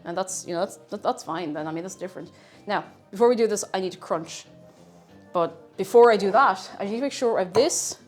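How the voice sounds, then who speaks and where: A woman's voice: mid-range voice, fairly quick, soft background music. A woman chatting casually and playfully with her viewers while cooking in her home kitchen on a livestream. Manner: playful rambling banter with chat. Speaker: streamer. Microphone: streaming mic.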